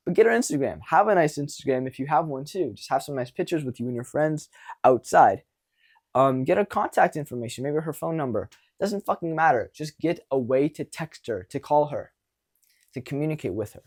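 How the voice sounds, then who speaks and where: Blunt, animated young male dating coach. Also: a little high, moderate pace, slightly rough. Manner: animated, blunt, swears casually. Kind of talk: casual coaching monologue.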